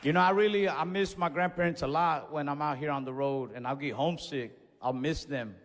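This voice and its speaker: A young man telling a stand-up story in a laid-back, conversational way, now and then shouting a punchline. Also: fairly high pitch, brisk. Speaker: stand-up comedian. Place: comedy club stage with audience. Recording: live venue with long reverb, faint room noise.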